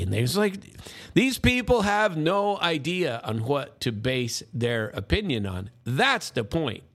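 A man's voice: on the high side, big pitch swings, a little slow. A middle-aged man hosting a casual, rambling monologue, folksy and full of restarts. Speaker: host.

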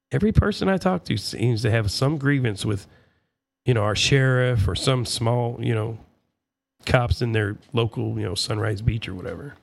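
Gravelly man on an angry political rant. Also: mid-range voice, darkish tone. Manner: irate, profane, sarcastic; rambling with fillers and asides.

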